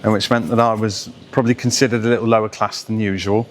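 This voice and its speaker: A man from the West Midlands, a voice coach who speaks with a Received Pronunciation accent and explains sounds in an animated way, demonstrating them as he goes. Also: fairly low pitch, quick pace. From West Midlands of England. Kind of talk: explanatory talk to camera.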